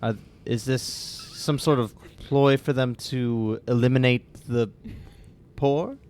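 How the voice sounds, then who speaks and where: A woman playing a tabletop game, asking lots of lively questions. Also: extremely low pitch, slow, a little hiss or hum. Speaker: player.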